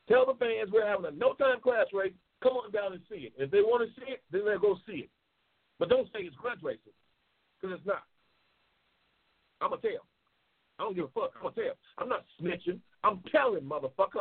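Fired-up, foul-mouthed male show host from New York City, husky voice, heard through a thin phone-quality line. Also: high voice. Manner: loud, emphatic, heavily profane, passionate. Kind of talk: profane live show talk, reading viewer comments. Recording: tinny phone-like audio.

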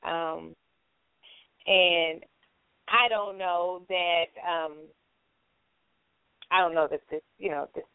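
A woman's voice: on the low side, fairly even intonation, takes it slowly, long pauses, clean tone, dry recording. Lady host running a call-in show, polite, dry phone-line sound. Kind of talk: hosting a call-in talk show.

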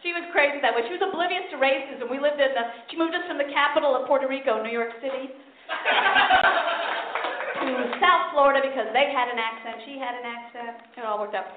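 A woman's voice: high-pitched, quick pace. A woman comedian performing a punchy, self-mocking stand-up set at a live venue. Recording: echoey tinny live recording with noise.

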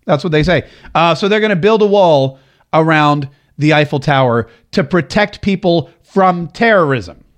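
A man's voice: on the high side, lively intonation, normal speed. A male talk radio host delivering a political monologue, sarcastic and emphatic, repeating phrases for effect.

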